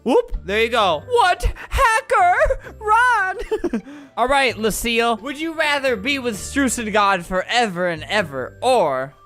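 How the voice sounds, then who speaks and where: A bright, sharp-toned voice giving casual gameplay commentary, with a very animated pitch that swings up and down. The delivery is sarcastic and exasperated, often breaking into laughter. Faint game music plays underneath. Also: slow. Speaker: gaming video creator.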